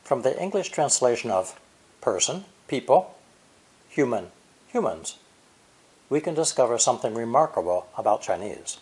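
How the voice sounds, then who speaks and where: Lively-pitched man narrating a language lesson. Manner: measured, clear explanations with repeated demonstration syllables. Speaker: language teacher. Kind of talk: scripted educational narration.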